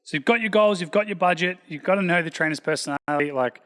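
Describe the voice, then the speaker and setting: A man, a personal trainer and gym founder, talking in a loud, energetic, casual podcast style. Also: sits high, quick pace, hardly any pauses. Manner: loud, energetic, self-described loud guy. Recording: long hall reverb.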